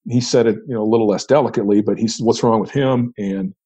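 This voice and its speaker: A man's voice: on the low side, fairly even intonation, fast talker, mellow, husky. A middle-aged man, a retired federal agent, recounting an old case in conversation, often restarting and repeating words. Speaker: retired FBI agent, podcast guest.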